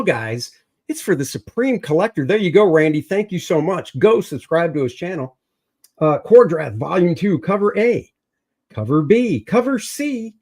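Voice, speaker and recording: A man's voice: high-pitched, a little mellow. Upbeat man hosting a livestream. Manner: joking, upbeat, lists items and plugs channels. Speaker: comic artist and show host. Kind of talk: casual livestream chat and sales pitch.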